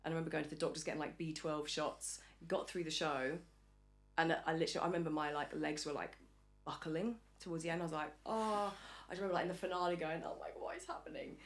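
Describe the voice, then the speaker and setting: A woman's voice: sits low, steady tone, fast talker, faint music behind. An English woman in a casual podcast interview, chatty and acting out the voices of people she quotes. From England. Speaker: podcast guest. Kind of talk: casual chat.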